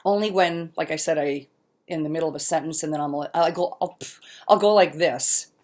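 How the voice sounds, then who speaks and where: A middle-aged woman chats into the camera at her mother's home, her voice sitting a little on the low side. She is self-deprecating and laughs often, and now and then she stalls mid-sentence while she searches for a word. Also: normal speed, a little mellow. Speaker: vlogger. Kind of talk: casual personal vlog.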